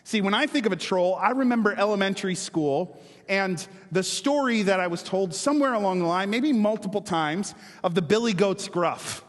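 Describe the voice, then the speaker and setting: Brief: high-pitched man preaching casually, quips and questions, echoing sanctuary. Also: animated, moderate pace. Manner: conversational, joking, questions the congregation. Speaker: pastor. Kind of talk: sermon.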